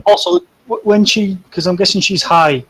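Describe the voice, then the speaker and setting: Higher-voiced man player, faint background hiss. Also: moderate pace, fairly bright tone, low-quality recording. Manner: eager, asking rules questions. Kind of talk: casual tabletop game talk.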